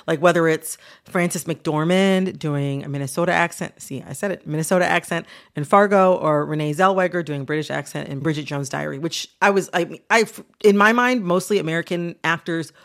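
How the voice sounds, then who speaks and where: Gravelly-voiced woman hosting a chat. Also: low voice. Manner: chatty, filler-heavy with frequent "like". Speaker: podcast host. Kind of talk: casual conversational chat.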